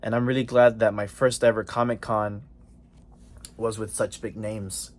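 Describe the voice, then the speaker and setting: A man's voice: fairly low pitch, normal speed. Chatty young male vlogger. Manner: excited, chatty, slangy with many fillers. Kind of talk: casual storytelling vlog.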